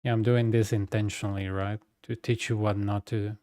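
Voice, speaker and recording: A young male streamer talks casually over his gameplay, telling stories in a relaxed, chatty way. His voice is warm and smooth, recorded dry and close with no room sound. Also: on the low side, brisk, no room sound. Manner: chatty storyteller, loose and conversational. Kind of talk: casual chat while playing a game.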